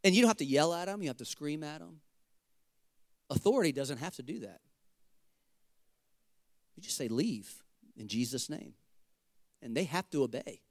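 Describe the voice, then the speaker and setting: A man's voice: a little high, expressive, fairly quick, long pauses, no room sound, clean studio sound. A male pastor preaching a sermon, fervent and emphatic, with casual asides to the congregation.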